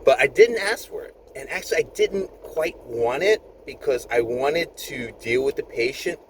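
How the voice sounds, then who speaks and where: A man in his fifties speaks at an ordinary, mid-range pitch. He tells a work story in a loose, rambling way, restarting phrases and chuckling. A steady hum of vehicle noise runs loudly behind his voice. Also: moderate pace. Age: 50s. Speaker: nurse vlogger.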